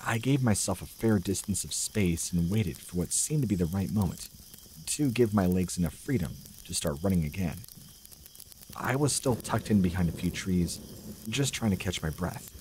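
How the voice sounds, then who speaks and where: A man reading submitted scary stories aloud in a slow, measured, dramatic narration, as the channel's regular narrator. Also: sits low, lively intonation, a little mellow, slight background noise, low-quality recording. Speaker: horror story narrator.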